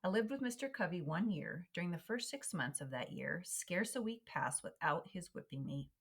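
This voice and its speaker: Low-voiced woman reading a memoir aloud. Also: lively intonation, normal speed, breathy edge. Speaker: reader.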